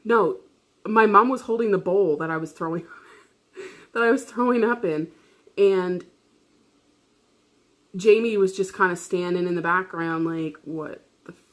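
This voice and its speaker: A woman's voice: medium pitch, a little slow, long pauses. A woman vlogger telling a personal story in casual chat, rambling, swearing freely and laughing often.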